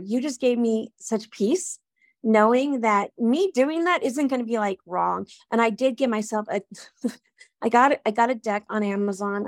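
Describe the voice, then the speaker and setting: A woman's voice: mid-range voice, a little mellow, no room sound. Woman, effusive, emotional, casual chat, dry recording. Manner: effusive, emotional, tearful gratitude. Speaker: podcast participant.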